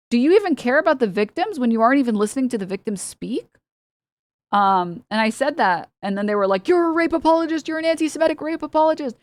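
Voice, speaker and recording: A woman's voice: mid-range voice, dry recording. A young woman streaming political commentary, her voice sitting in a middle register. She talks in a heated, exasperated way with sarcastic asides and laughs between points. The mic is close and dry, with no room around her. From United States.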